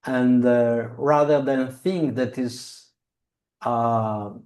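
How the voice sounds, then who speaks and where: Slow, halting man on a video call. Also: medium pitch, fairly even intonation, darkish tone. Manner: halting, searching for words, many restarts. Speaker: speaker on a devotional video call. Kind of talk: slow reflective talk.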